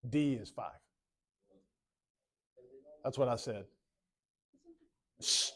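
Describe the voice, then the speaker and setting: A man's voice: mid-range voice, very slow, fairly bright tone. A man teaching a math class in a classroom, casual and joking, often repeating himself.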